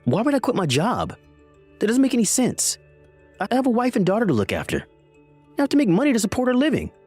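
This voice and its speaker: A man's voice: very high-pitched, huge pitch swings, fast, darkish tone, slightly rough, heavily acted. Man reading as a defensive lying husband. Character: lying jobless husband, defensive with his mother. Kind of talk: scripted text-message reading. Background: faint background music.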